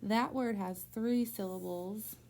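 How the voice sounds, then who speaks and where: A woman teacher giving a patient one-on-one phonics lesson in a school room, slowly stretching out words to model their syllables. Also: mid-range voice, steady tone, a little mellow.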